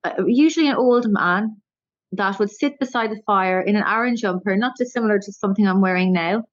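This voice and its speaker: A woman's voice: medium pitch, fairly quick, dry recording, lo-fi sound. A woman with an Irish accent, a stand-up comedian talking in a casual interview, rambling and self-deprecating. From Ireland.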